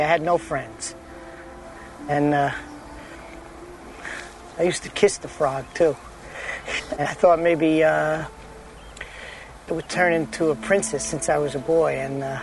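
A lonely middle-aged film character who rambles on in a confiding, hesitant way. The voice sits a little high, with soft music under it. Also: male voice, rough recording. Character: fast-talking lonely middle-aged man confessing. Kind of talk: film dialogue.

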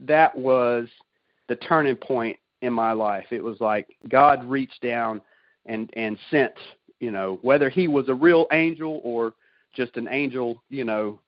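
A man's voice: mid-range voice, unhurried, dry recording. A man earnestly telling a personal faith story on a community call, folksy and self-deprecating, laughing at himself. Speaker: guest sharing a testimony. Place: call over the internet. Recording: dry, dull lo-fi sound.

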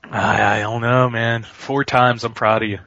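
A man riffing through a movie commentary track in a loose, rambling way, laughing often and letting sentences trail off. His voice is bright and forceful, recorded very dry with a dull, lo-fi sound. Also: medium pitch, little pitch movement, measured pace, no room sound. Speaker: podcast co-host. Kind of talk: casual movie commentary chat.

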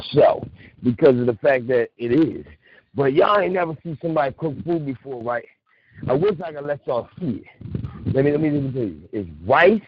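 A man hosting a call-in radio show, talking loudly and excitedly, laughing and shouting often. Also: mid-range voice, highs cut off, a little hiss or hum.

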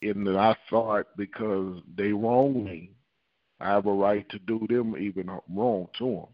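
A man's voice: lowish voice, a little slow, no echo. Fervent preaching man on a dull line. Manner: fervent, repetitive prayer with tongues. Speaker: prophet and preacher. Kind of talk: prayer and sermon on a phone line.

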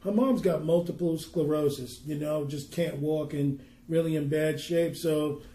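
This earnest minister's voice is fairly high but mellow, holding a steady tone as he preaches and shares stories for a podcast. Scripture comes slowly and with weight, in an echoey, roomy space.

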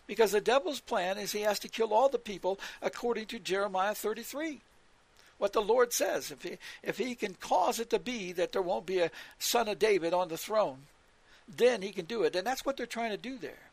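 Emphatic high, gravelly male preacher. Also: lively intonation, moderate pace, no echo. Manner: emphatic, repeats points, cites scripture verses. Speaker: religious radio teacher. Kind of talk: preaching scripture talk.

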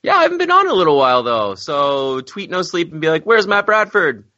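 A man's voice: fairly high pitch, huge pitch swings, fast talker, sharp tone, dry recording. A man in casual podcast chat, loose and self-deprecating. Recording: dull lo-fi podcast audio.

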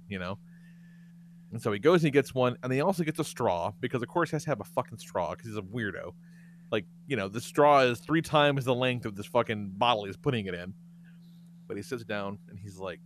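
A middle-aged man tells stories on a podcast with loose, profane energy. His voice is bright and lively, climbing into high bursts when he acts out what people said. A faint hum sits under the recording. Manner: profane, animated storyteller. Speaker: podcast host. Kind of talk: casual podcast chat.

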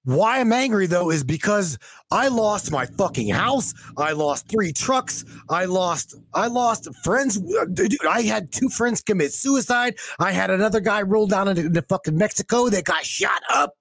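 A man hosting a call-in show, talking excitably, stammering and swearing as he goes. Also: high-pitched, moderate pace, dry recording. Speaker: talk show host. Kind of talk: casual call-in show talk.

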